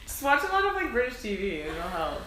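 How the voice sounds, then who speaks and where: Lively, giggly young woman. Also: fairly high pitch, fairly quick. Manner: giggly, animated. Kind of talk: casual chat. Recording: echoey room, faint noise.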